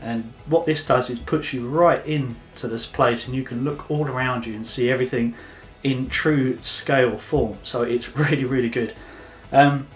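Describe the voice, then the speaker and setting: A chatty man walks through a casual tutorial, loose and unscripted, pausing on fillers as he goes. His pitch sits in an ordinary middle range. Soft music runs faintly behind him. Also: steady tone. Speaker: photography vlogger.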